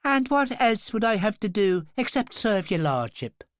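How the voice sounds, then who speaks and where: A man voicing a teasing young woman, pitched high. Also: huge pitch swings, brisk, dry recording, clean studio sound, heavily acted. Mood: mocking.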